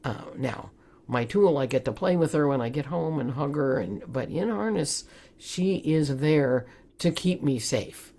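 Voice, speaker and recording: Low-voiced woman on a webinar. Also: lively intonation, measured pace, dark tone. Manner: conversational, laughs often, earnest. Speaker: webinar presenter. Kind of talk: webinar talk.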